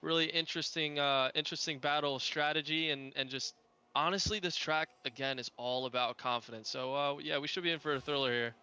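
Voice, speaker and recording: A man with a fairly high, steady voice talks briskly, his tone sharp, clear and resonant. He's a driver doing live commentary on a racing game, hesitant and full of fillers, stumbling and restarting his phrases.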